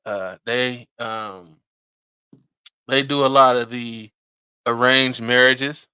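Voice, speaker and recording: Bright, crisp-voiced male podcast host. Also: medium pitch, steady tone, slow, dry recording. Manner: loose, rambling, many fillers and restarts, slangy. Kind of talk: casual podcast commentary.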